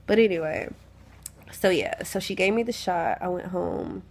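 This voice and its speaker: Sick girl telling a storytime from bed on her phone, gravelly fry, chatty and swears a lot. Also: mid-range voice, unhurried, a little mellow, a little hiss or hum. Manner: chatty and candid, swears freely, laughs often. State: sick with the flu, lying down. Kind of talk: casual storytime chat. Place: lying in a bed at home.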